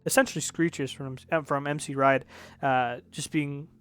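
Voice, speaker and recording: A man's voice: on the high side, fairly even intonation, moderate pace, fairly bright tone, smooth. A man reviewing songs in casual commentary, rambling and correcting himself, with the odd swear word. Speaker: music reviewer.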